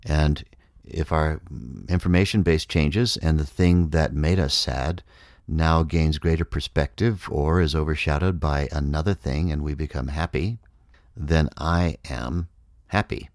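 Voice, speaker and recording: A man giving a measured, reflective spiritual talk, explaining ideas step by step. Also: a bass voice, fairly even intonation, a little mellow, no echo, studio quality. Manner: measured, explanatory, acts out inner voices. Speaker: speaker on consciousness.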